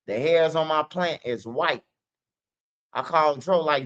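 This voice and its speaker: A high-pitched, sharp-toned man rambles casually to his stream audience. His talk is loose and slangy, peppered with "man" and "bro", and it comes through on dull lo-fi audio. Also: slow. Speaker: streamer host.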